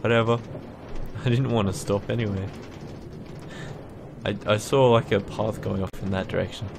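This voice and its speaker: A young man casually narrating his own gameplay in a relaxed, rambling way, having just woken up. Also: fairly low pitch, moderate pace, gravelly, background noise. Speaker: gaming YouTuber. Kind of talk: casual Minecraft let's play.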